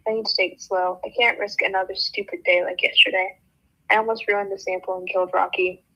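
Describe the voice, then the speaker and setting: A woman's voice: medium pitch, flat delivery, a little fast, bright, forceful tone, highs cut off. A woman hosting a book club, reading a novel aloud in the first person and breaking off now and then to laugh.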